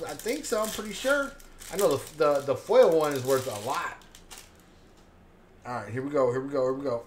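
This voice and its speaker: Excited man calling out card pulls in a slow, lively sing-song, echoey room with a faint hum. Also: high voice. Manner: hyped, counts cards aloud, names each pull. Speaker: card pack opener. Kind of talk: casual card-opening commentary. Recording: roomy echo, faint background hum.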